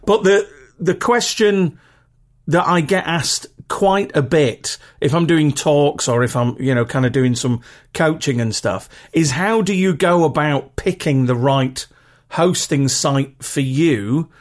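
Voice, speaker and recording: This podcast host is a man with a regional British accent whose voice sits fairly high and moves slowly. He talks on his own in a casual, chatty way, rambling and poking fun at himself.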